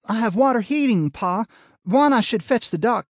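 A man's voice: high-pitched, animated, moderate pace, no echo, studio quality, voice pushed up. A man doing a shaken young frontier daughter. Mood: urgent. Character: young woman, marshal's schoolteacher daughter, shaken.

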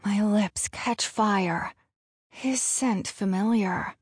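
A woman's voice: mid-range voice, drawn-out words, husky, dry recording. A woman narrating a first-person audiobook in a frank, profane voice on a close studio mic.

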